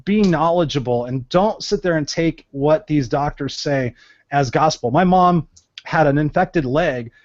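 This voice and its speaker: A man co-hosting a casual panel talk, telling stories in an animated way and acting out the quotes. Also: fairly high pitch, measured pace. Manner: animated storyteller, acts out quotes. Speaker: co-host. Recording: dull lo-fi web-show audio.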